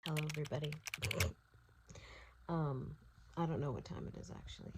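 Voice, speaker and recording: Heavy noise surrounds a young woman's low, vocal-fried voice as she talks fairly quickly. A book vlogger at home at night, tired and teary, she speaks casually to her phone, gushing emotionally over a book and cursing freely.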